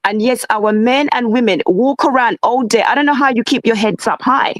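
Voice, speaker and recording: A woman's voice: on the high side, moderate pace, no room sound, low-quality recording. A woman in an impassioned discussion, talking fervently, asking rhetorical questions and lecturing her listeners. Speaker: guest.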